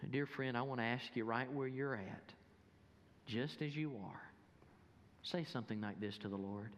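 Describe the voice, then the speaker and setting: A pastor preaching with insistent conviction, his voice sitting in an ordinary middle register. It rings out in a church sanctuary, trailed by the long reverb of the hall. He leans hard on repeated appeals, then drops to a hush when he turns to prayer. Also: mid-range voice, moderate pace, slight background noise. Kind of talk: sermon.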